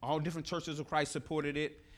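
A middle-aged man preaching a sermon, animated and repeating his key phrases. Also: on the high side, brisk. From Nashville, Tennessee.

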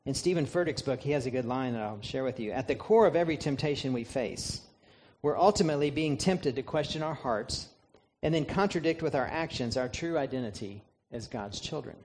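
A man's voice: medium pitch, animated, fairly quick, darkish tone, slight background noise. A man preaching a sermon, emphatic, asking the listeners rhetorical questions and answering them himself. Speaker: pastor.

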